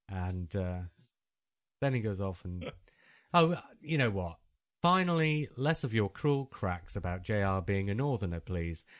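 A man from England hosts a casual podcast and reads a listener's long email aloud, now and then slipping into silly put-on voices. His voice sits fairly low. The sound is dry and close, with no room echo.

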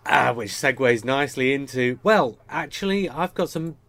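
An Australian man hosting a podcast, chatting casually and steering the talk with quick questions. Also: mid-range voice, animated, a bit bright, no room sound. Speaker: podcast host.

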